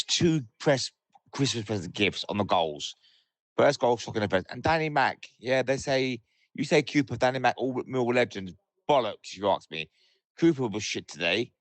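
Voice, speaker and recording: A man's voice: medium pitch, moderate pace, no echo. A man from leaving angry, swearing voicemails about a football match, in short furious bursts.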